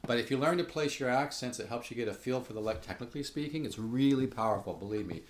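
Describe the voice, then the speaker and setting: A man's voice: mid-range voice, quick pace. A man giving a casual spoken guitar lesson, earnest and enthusiastic, often restarting and repeating himself as he plays. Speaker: guitar teacher. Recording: echoey room with guitar playing.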